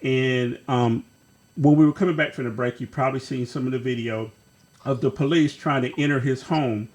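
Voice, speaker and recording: A man hosting a talk show, introducing segments and a guest in a relaxed way. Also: medium pitch, normal speed. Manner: relaxed, with fillers and restarts. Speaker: host.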